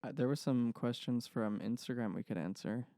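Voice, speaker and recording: A man's voice: medium pitch, normal speed, warm tone, dry recording, studio quality. Laughing, rambling young man on a podcast. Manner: rambling, self-deprecating storyteller with frequent laughs. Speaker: podcast co-host. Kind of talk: casual chat.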